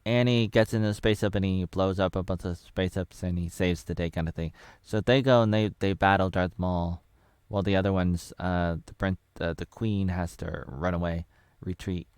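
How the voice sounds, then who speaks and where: A man in his thirties chats through a movie review in a rambling, offhand way. His voice is smooth and resonant, and the recording is dry, with no room sound. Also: low-pitched, steady tone, moderate pace, a little mellow, no room sound. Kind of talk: casual spoken movie review.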